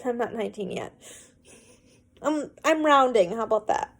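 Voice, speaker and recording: A woman's voice: on the high side, expressive, normal speed, pauses often, a bit bright. A late-teen young woman reading fanfiction aloud in an amateur way, hesitant and giggly, with restarts and embarrassed asides. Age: late teens. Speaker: fanfiction reader.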